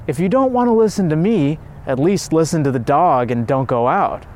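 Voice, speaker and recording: A man's voice: fairly high pitch, expressive, normal speed, a little mellow, natural voice. A man voicing a worried older mother pleading with her son in a storybook reading.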